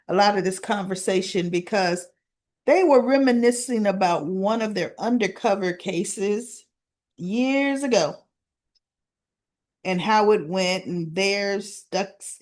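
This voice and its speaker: A woman's voice: mid-range voice, darkish tone. A woman hosting a casual soap opera recap, retelling scenes and dialogue with chatty asides.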